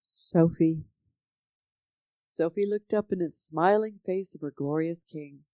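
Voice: mid-range voice, takes it slowly, mellow, no echo. A storyteller reading a children's story aloud with expression. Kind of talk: storybook narration.

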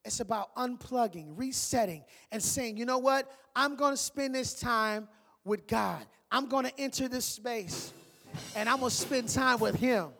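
A male pastor delivers a lively sermon in casual, playful speech. He swings between soft, hushed asides and loud, excited bursts. His voice rings with the long reverb of a large hall. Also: extremely high pitch, a little slow, gravelly, faint music behind. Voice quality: animated, sweeping from loud shouts to hushed asides, playful colloquial preaching.

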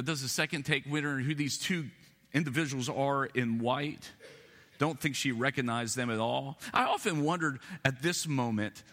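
Bright-voiced man preaching in a reverberant hall. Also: fairly high pitch. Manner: conversational, musing, with self-deprecating asides. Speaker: pastor. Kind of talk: Easter sermon.

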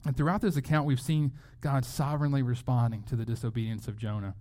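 A pastor preaches a sermon conversationally, frequently repeating words as he goes. He has a mid-range, steady, slightly mellow voice and speaks fast.

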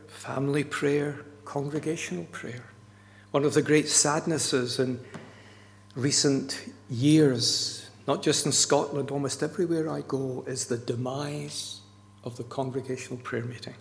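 A man's voice: medium pitch, steady tone, measured pace, gravelly. A man preaching a sermon in an earnest, emphatic way, often repeating his key words. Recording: long church-hall reverb.

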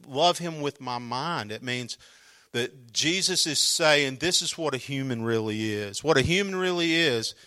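A man's voice: medium pitch, sharp tone. A man preaching a sermon as pastor, earnest and emphatic, often restarting his sentences.

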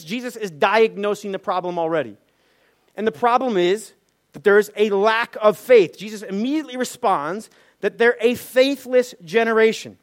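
A man preaching a sermon, asking rhetorical questions and acting out the lines of people in the story. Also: high-pitched. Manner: acts out quoted voices, many rhetorical questions. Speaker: pastor.

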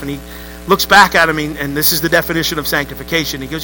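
A pastor preaches with a high, piercing voice and a very bright edge. He moves between an easy storytelling tone and emphatic high peaks. Soft music and a faint hum sit under his voice in the church. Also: fairly even intonation, quick pace, rough recording. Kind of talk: sermon. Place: church sanctuary.

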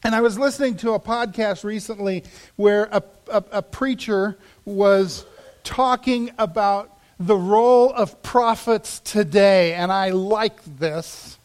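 A man preaching a sermon as pastor, dramatic in delivery, dropping to a hush for emphasis and rising again. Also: high voice, slow pace. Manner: dramatic, drops to a hush for emphasis then rises.

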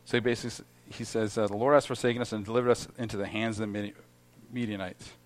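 A man's voice: on the low side, steady tone, racing. A middle-aged man giving an informal Bible teaching, reading verses aloud and then explaining them with many restarts and fillers. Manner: reads scripture aloud then comments conversationally. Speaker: lay preacher at a Bible study.

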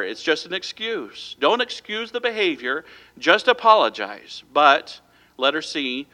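A man's voice: on the high side, very animated, measured pace, bright, forceful tone. A man preaching a sermon as pastor, talking plainly and acting out quoted voices as he goes.

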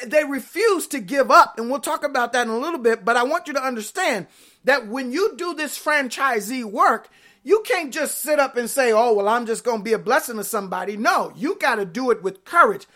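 Woman preacher, high voice, lively playful sermon with rhetorical questions. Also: normal speed.

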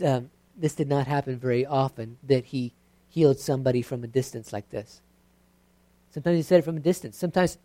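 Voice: mid-range voice, darkish tone, no echo. A preacher giving a sermon in a conversational, self-deprecating way.

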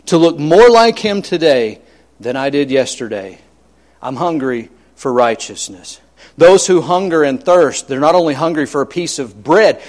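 Man preaching, kinda high voice, hammers points over and over, jokey stories. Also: big pitch swings, unhurried, darkish tone. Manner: emphatic, repetitive, with homely humor. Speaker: pastor. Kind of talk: sermon.

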